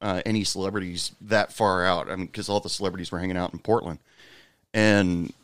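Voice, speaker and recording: A man chatting casually about his bartending days, pausing often with fillers. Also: low-pitched, steady tone, a bit bright, clear, resonant tone, dry recording. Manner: hesitant, many fillers, laughs easily. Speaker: former bartender. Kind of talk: casual chat.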